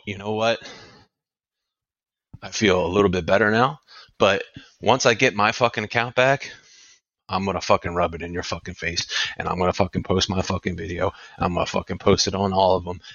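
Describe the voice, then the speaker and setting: A man in his thirties hosts a podcast and rants in fury, swearing in nearly every breath. His low voice pushes hard and sounds forceful. The recording is dry and a little dull, like a cheap home setup. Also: steady tone, moderate pace, vocal fry, pauses often, no echo. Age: 30s. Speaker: podcast host. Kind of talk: angry profane rant.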